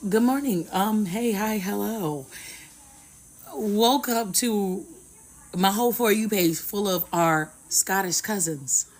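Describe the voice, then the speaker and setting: Slow, laid-back woman. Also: mid-range voice. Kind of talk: casual social media video.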